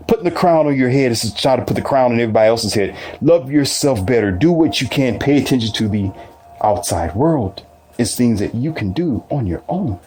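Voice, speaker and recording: Husky-voiced man lecturing. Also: on the low side, darkish tone. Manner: preachy, asks rhetorical questions. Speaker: author giving a monologue. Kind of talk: casual motivational monologue.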